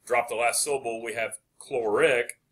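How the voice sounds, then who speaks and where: A man teaching a chemistry lecture, asking the class questions and answering them with quick encouragement. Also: mid-range voice, fairly even intonation.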